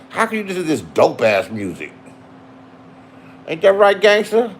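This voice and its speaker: A man in his sixties talking casually to camera, rambling and swearing as he reminisces. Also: on the high side. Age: 60s. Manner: profane, reminiscing, loose and chatty. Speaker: vlogger. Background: music playing.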